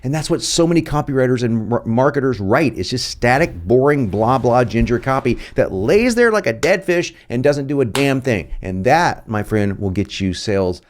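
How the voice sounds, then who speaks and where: A man's voice: medium pitch, lively intonation, moderate pace, hardly any pauses, a little hiss or hum. A man hosting a copywriting video lesson, talking in a jokey, playful and emphatic way. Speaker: host.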